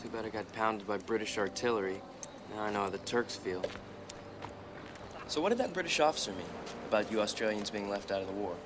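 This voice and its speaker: An actor playing an earnest young American soldier with an American accent. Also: male voice, lowish voice, fairly quick, background noise, lightly acted. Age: young adult. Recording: music score under the dialogue.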